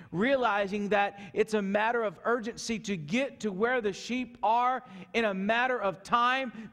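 A male pastor preaching a sermon earnestly, moving from loud urgency to soft, hushed passages. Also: high voice. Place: church sanctuary. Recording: echoey church hall.

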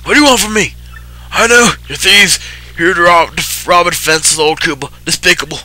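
Casting: cranky old turtle villager, voiced by a man, pitched up, brassy, old-timer drawl. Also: fairly quick, sharp tone, slight background noise. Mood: fearful. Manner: dramatic, indignant, old-timer phrasing. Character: fretful suspicious old male Koopa turtle villager. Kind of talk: voicing game dialogue during a let's play.

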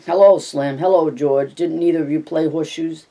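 A man reading a tired old ranch swamper, plaintive and complaining. His voice sits dark and mellow, paced like a read-aloud novel. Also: fairly high pitch, fairly even intonation, normal speed, distant mic.

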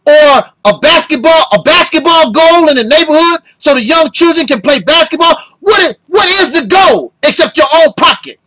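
Loud, emotional high-voiced man. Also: animated, moderate pace, few pauses, poor audio. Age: 50s. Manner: loud and emotional, rhetorical questioning. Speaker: video blogger. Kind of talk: impassioned video rant.

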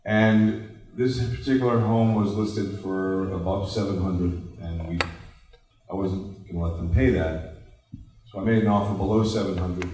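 A man's voice: fairly low pitch, unhurried, faint music behind. A man on a real estate panel, telling a negotiating story with jokes and asides in a round table discussion. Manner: animated storyteller, jokey asides. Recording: echoey room, distant mic.

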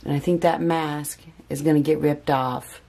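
A woman's voice: low-pitched, fairly even intonation, normal speed, vocal fry, dark tone. A woman giving a casual spoken tarot reading, chatty and repeating phrases for emphasis. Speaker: tarot reader.

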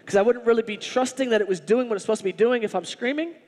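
A male pastor preaching a sermon in an animated, humorous, conversational way. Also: very high-pitched, very fast, big-room sound.

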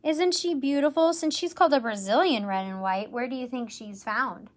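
A woman educator presenting tarantulas in a live stream, enthusiastic and gentle, cooing at the animals. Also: on the high side, expressive, moderate pace. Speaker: insect zoo educator. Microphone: livestream camera mic.

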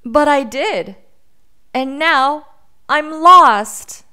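A woman voicing a small lost boy who talks in a high, anxious way in a storybook reading. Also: animated, drawn-out words, bright, forceful tone, full character voice. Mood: worried.

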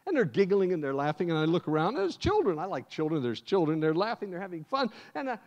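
An American man, a guest preacher, telling a sermon as a lively first-person story. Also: high voice, quick pace. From United States. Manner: animated, acts out scenes in first person. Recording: dull lo-fi sound.

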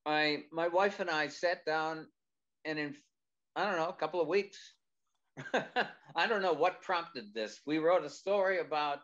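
A man, a screenwriter guest, describing a project in casual chat, halting and searching for words. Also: on the high side, a bit bright. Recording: slightly dull lo-fi audio.

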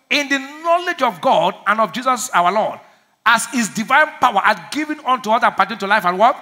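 A male pastor delivers a lively sermon in a high, ringing voice. He laughs through his points, calls on the congregation to answer back and mimics timid prayers in small voices. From Nigeria. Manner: laughing, call-and-response preaching.

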